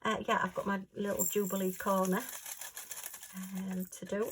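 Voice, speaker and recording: A woman's voice: mid-range voice, flat delivery, normal speed, slight background noise, rough recording. A woman with a Yorkshire accent chatting casually to camera as she sorts craft supplies at home, giggling and talking to herself. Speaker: crafting vlogger. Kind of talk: casual chat while working.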